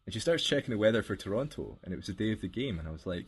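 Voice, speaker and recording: A man's voice: fairly low pitch, lively intonation, racing, few pauses, slight background noise. A man co-hosting a podcast, telling rambling stories with laughs in casual chat. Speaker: podcast co-host.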